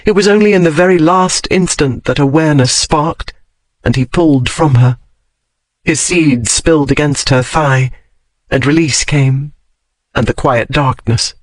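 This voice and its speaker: A man reading a romance novel aloud in a steady, measured storytelling voice. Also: on the high side, dry recording, low-quality recording. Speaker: audiobook narrator. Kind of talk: scripted romance narration.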